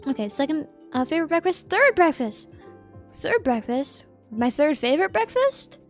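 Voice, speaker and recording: A woman's voice: high-pitched, very animated, normal speed, soft background music. A sleepy woman streamer chatting casually with her viewers, giggling as she reads their messages aloud and answers them.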